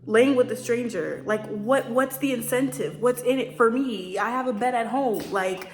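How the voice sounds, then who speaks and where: Animated young woman ranting in an echoey kitchen. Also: fairly high pitch, moderate pace. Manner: animated, exasperated rants with laughs. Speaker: vlogger. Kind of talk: casual chat while cooking. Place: home kitchen. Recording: echoey room with faint noise.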